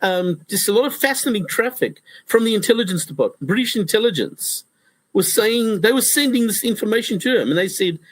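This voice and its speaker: A man with a husky, rather high voice talks as an interview guest, swinging his pitch widely as he explains. He often stumbles into restarts and briefly acts out what others said. The sound is close and dry, with no room around it. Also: fairly quick, no room sound, poor audio. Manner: animated, repetitive restarts, acts out quotes. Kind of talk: conversational interview.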